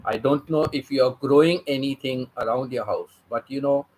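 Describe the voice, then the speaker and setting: A man's voice: mid-range voice, moderate pace, darkish tone, poor audio. A man telling a story on his vlog, stressing points by repeating phrases. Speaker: vlogger.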